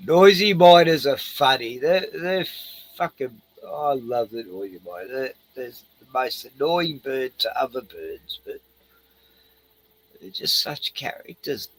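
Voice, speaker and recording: A man's voice: mid-range voice, big pitch swings, slow pace, fairly bright tone, slightly rough, rough recording. A man in a rambling casual chat, swearing freely, laughing and trailing off mid-sentence. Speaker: host reacting to a video.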